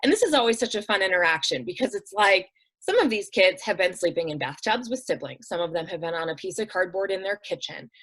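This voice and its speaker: A woman who directs a nonprofit appears as a guest on an interview show, telling heartfelt stories in an earnest, conversational way. She acts out quoted voices and says "um" and "like" a lot. Her mid-range voice is fast, lively in intonation and a bit bright, in a low-quality recording.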